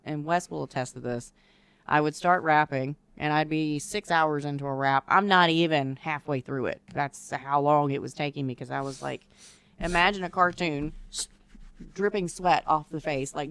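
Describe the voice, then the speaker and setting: Podcast co-host, woman, lower pitched, animated storyteller. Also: clear, resonant tone, no room sound. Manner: animated storyteller, acts out her own past reactions. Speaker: co-host teaching decorative rod wraps. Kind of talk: casual podcast chat.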